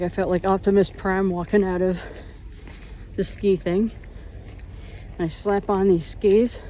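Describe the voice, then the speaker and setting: Out on a walk, a vlogger tells rambling stories that poke fun at himself. The voice sits at a medium pitch with a dark tone, and there's a faint hiss or hum in the recording.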